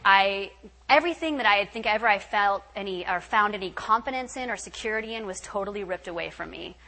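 Bright-voiced woman sharing a testimony. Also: mid-range voice, quick pace, poor audio. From California. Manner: candid, animated storytelling with filler words. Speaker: retreat speaker. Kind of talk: personal testimony talk. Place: retreat meeting hall.

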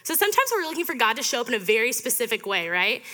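A woman's voice: a little high, big pitch swings, racing, pushed and bright. A young woman in her twenties giving a chatty, upbeat storytelling sermon to a student fellowship, with lots of fillers. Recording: reverberant hall.

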